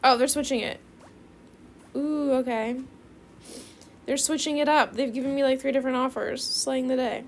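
A teenage girl chatting excitedly through casual gameplay commentary, bubbly and calling viewers bestie. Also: high-pitched, unhurried, long pauses, a little hiss or hum. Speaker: gaming video creator.

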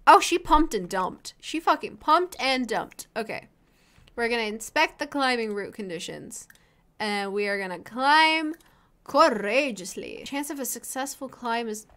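A woman's voice: high-pitched, bright, forceful tone. A woman hosting a casual let's play, commenting in a profane, exasperated, self-mocking way.

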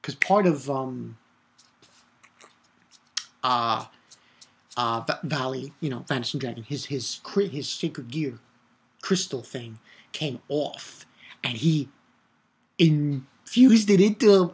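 A man giving a casual video review of an anime episode, excitable and rambling, swearing and shouting out his own reactions. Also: medium pitch, slow pace, pauses often, husky. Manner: rambling with restarts and filler.

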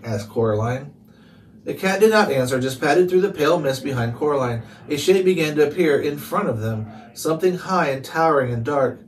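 A calm man reading a chapter book aloud. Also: on the high side, normal speed. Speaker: storybook reader. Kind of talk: read-aloud narration. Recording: distant mic, faint hiss.

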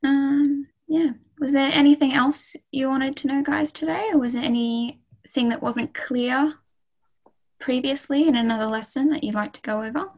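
A woman's voice: sits high, fairly even intonation, normal speed, darkish tone, rough recording. A woman teaching a beginners' French lesson over a video call, in a casual, friendly way with many ums and okays. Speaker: French tutor. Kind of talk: casual online language lesson.

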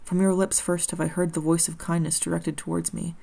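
A woman voicing a gentle, lonely male creature who pleads in earnest, formal, old-fashioned speech. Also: lowish voice, little pitch movement, brisk, creaky, slightly rough, exaggerated voice. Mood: grateful.

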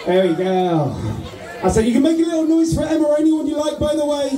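A man compering a live outdoor contest, teasing the contestants and shouting countdowns. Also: very high voice, fast talker, reverberant, a faint crowd, a little hiss or hum. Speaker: contest compère. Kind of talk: live event hosting. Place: outdoor festival in the sunshine.

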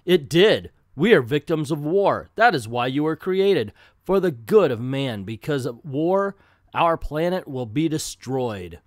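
A man playing a solemn scientist who is proud of his creation, speaking in slow, weighty statements. His voice rises and falls widely, and the recording is close and dry. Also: a little high, very animated, no echo. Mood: grave.

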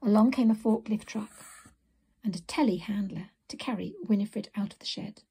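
A woman narrating a children's storybook in a soft, often whispered reading voice. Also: medium pitch, moderate pace, slightly rough.

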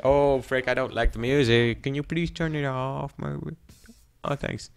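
A teenage boy giving rambling, excitable commentary while playing a video game. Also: mid-range voice, measured pace, gravelly, smooth, soft background music. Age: teens. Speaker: gaming channel host. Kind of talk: gameplay commentary.

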